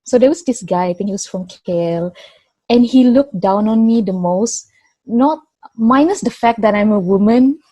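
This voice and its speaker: A young woman with a Sabahan Malaysian English accent speaks in a casual interview, pausing and restarting as she searches for words. Her voice is warm and mellow, recorded close and dry. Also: mid-range voice, lively intonation, no room sound. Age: 20s. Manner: hesitant, many restarts and fillers. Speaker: interview guest, engineer.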